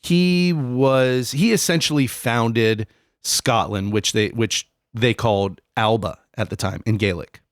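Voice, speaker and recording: A man's voice: mid-range voice, takes it slowly, dry recording. Casual man explaining history, dry sound. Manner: explanatory, loose, lots of fillers. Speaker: podcast co-host. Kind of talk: casual history podcast chat.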